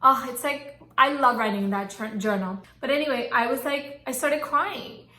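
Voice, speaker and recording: A woman's voice: high-pitched, moderate pace, sharp tone. A young pregnant woman vlogging casually to her viewers, chatty and gushing with lots of fillers. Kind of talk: casual chat to camera. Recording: echoey room.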